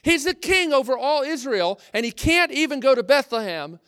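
A man delivers a sermon in a talkative, earnest manner, often breaking off into asides. His voice sits high for a man, and the recording is dry and close. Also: sing-song, normal speed, pushed and bright, smooth, dry recording. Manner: conversational and earnest, with frequent restarts and asides. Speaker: preacher.

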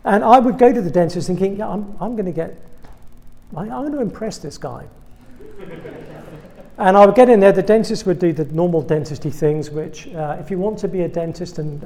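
An English man preaching to a room of students, slipping self-deprecating jokes between his points. His voice sits a bit high for a man but sounds mellow and warm rather than bright. He keeps a wry, conversational sermon tone throughout. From England. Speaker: guest preacher.

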